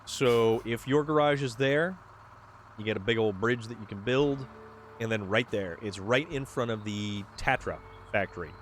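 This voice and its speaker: A man hosting a livestream, chatting excitedly and answering viewers while he plays a video game. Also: mid-range voice, moderate pace, slight background noise. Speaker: livestream host. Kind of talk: casual chat while playing a video game.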